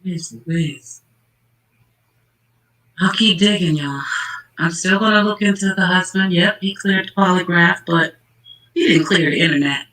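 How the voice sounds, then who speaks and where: A man talks through a true-crime case in casual commentary. His voice sits high and sounds bright and forceful. He gets worked up and emphatic, speaking straight to the people involved. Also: rough recording. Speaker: channel host.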